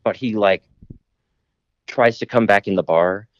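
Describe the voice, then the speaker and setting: A man's voice: lowish voice, measured pace, dry recording, highs cut off. A man telling a long rambling story in casual podcast chat, full of "like" and casual swearing.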